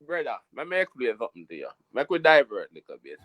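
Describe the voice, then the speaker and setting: A man from Jamaica with a Jamaican accent, telling a story in an animated, emphatic patois style during a casual chat. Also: medium pitch, quick pace, dry recording.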